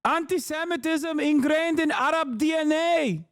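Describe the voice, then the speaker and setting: A man's voice: very high voice, a little slow, no echo, clean studio sound, voice pushed up, full character voice. A man voicing a mocking caricature of a male pundit, in a put-on foreign accent with broken grammar. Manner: broken grammar, deadpan exaggeration.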